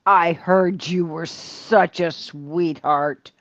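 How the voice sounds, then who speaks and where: Slow-talking older woman, muffled stream audio. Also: fairly low pitch, animated, no echo. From Ohio, USA. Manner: slow, chatty storytelling. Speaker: livestream co-host reading chat. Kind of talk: casual livestream chat.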